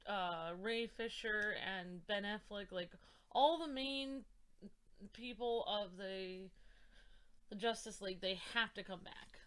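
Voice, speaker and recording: A young woman co-hosting a podcast in casual chat, gushing and excitable, with lots of fillers. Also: mid-range voice, clear, resonant tone. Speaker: podcast co-host.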